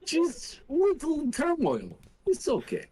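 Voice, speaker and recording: A man's voice: very high voice, wildly swooping pitch, slow, dark tone, slight background noise, voice pushed up, heavily acted, rough recording. A man voicing a blunt, simple-spoken male warrior who talks proudly in broken English, as a player in a tabletop game.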